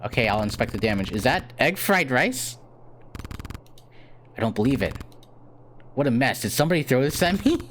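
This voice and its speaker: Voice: mid-range voice, sing-song, moderate pace, pauses often, slight background noise. A streamer casually chatting to their chat while playing a horror game, with frequent giggles. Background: game music.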